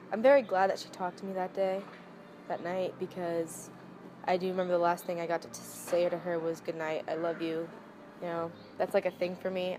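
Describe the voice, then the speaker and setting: A woman in a documentary interview, softly and haltingly recalling the death of a close friend. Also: lowish voice, slight background noise. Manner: soft, reflective, halting with many "like"s. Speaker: friend of the deceased. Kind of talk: documentary interview, recounting a loss.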